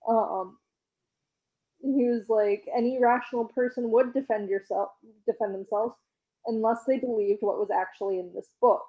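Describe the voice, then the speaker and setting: Woman recapping a comic on a podcast, highish voice, quoting characters and laughing, kinda muffled audio. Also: fairly even intonation. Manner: retells scenes by quoting characters in quick voices, laughs often. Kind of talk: casual chat.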